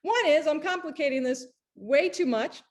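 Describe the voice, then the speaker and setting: Woman, high voice, webinar presenter, chatty, animated storytelling. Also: normal speed. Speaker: performance director giving a talk.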